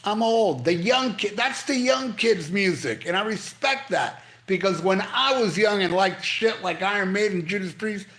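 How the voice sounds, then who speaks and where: An older man runs a casual livestream while on pain medication, reading out comments and ranting bluntly with lots of swearing. His voice is high, his pace moderate, and he barely pauses in his animated delivery.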